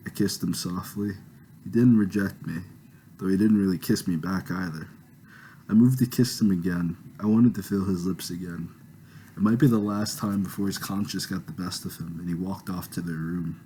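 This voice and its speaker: A man's voice: deep voice, steady tone, normal speed, dark tone, slight background noise, low-quality recording. A man reading his own novel aloud with a home microphone, casual and self-conscious in his asides. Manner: laughs off awkward passages, casual.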